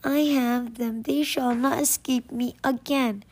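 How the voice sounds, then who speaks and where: A woman's voice: a little high, fairly even intonation, a little slow, darkish tone. A woman voicing a cruel, scheming old witch in a read-aloud fairy tale, mocking and commanding.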